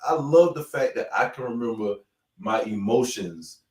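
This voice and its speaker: A man casually talking through martial arts ideas, animated, swinging from loud bursts to low mutters. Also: normal speed, recorded from a distance. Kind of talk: casual conversation. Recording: echoey room, off-mic.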